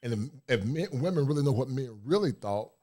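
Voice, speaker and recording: A man's voice: mid-range voice, lively intonation, a little fast, mellow. A man hosting a casual livestream, talking bluntly in a preachy, streetwise way. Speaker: livestream host.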